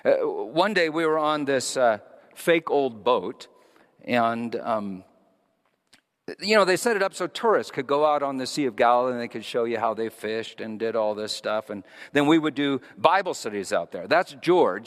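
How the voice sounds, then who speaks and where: Middle-aged preacher in a reverberant hall. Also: male voice, medium pitch, animated, normal speed. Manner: conversational, repeats and restarts phrases. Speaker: pastor. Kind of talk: storytelling sermon. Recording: long reverb of a large hall.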